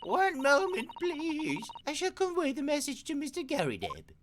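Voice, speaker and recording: Deferential maid, man reading, high and sing-song, game music behind. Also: huge pitch swings, normal speed, noisy background, full character voice. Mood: prim. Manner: stiff, proper, deferential. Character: formal English housemaid, young woman.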